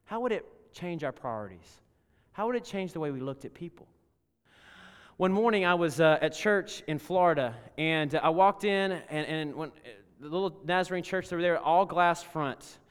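A man preaching a sermon as pastor, telling a story and swinging between loud emphasis and hushed tones. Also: fairly high pitch, normal speed, clean tone. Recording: long reverb of a large hall.

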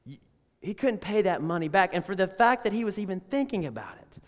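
Male pastor, higher voice, lively sermon delivery, reverberant sanctuary. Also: a little fast. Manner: animated, emphatic preaching with rhetorical questions.

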